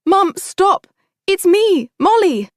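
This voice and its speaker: An earnest, emotional young woman, as a woman narrator plays her in an audiobook. She speaks eagerly and anxiously, pitched a little higher, recorded dry. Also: animated, unhurried, darkish tone, no echo. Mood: frantic.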